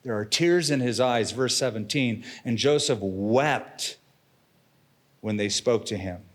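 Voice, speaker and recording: A middle-aged man preaching a sermon as pastor, dramatic and expressive, slipping in casual slang. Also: mid-range voice, takes it slowly.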